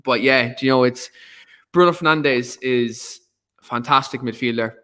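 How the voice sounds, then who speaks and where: A man's voice: mid-range voice, normal speed, sharp tone, clean tone. A man hosting a casual football chat, reading out viewer comments between filler words. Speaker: host.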